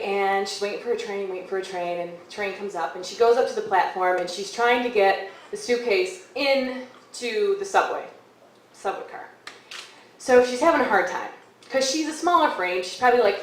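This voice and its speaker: A young woman telling a story on stage at a café, casual and lively, acting out quoted lines with hushed asides. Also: mid-range voice, a little hiss or hum. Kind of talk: live storytelling. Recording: echoey live room from far off.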